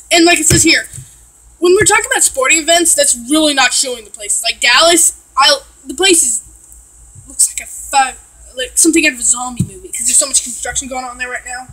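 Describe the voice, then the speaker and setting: A woman's voice: high voice, fairly quick, pushed and bright, poor audio. A woman from Texas, chatting casually and ranting with lots of swearing and filler words while reacting to a video.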